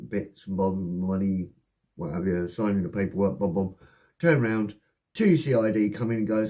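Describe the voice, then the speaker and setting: A man with an English accent, casually telling a rowdy personal story, swearing often and acting out the voices of the people in it. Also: lowish voice. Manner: swearing, rapid and animated anecdote telling with acted-out voices.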